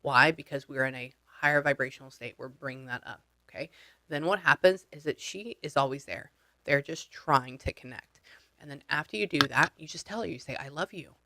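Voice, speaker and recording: A man's voice: mid-range voice, brisk, pushed and bright. A man working as a spiritual medium, coaching a client step by step over a video call in a blunt, casual way and swearing freely.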